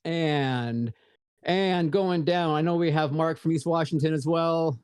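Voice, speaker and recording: A man's voice: fairly high pitch, a little slow, darkish tone, clear, resonant tone, no echo, studio quality. A man co-hosting a casual podcast, easygoing and joking as he greets chat viewers by name. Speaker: podcast co-host.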